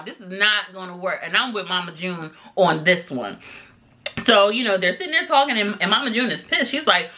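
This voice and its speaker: A young adult woman reviewing a TV episode in a chatty, animated recap, acting out the people she quotes. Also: lowish voice, moderate pace. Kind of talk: casual recap vlog.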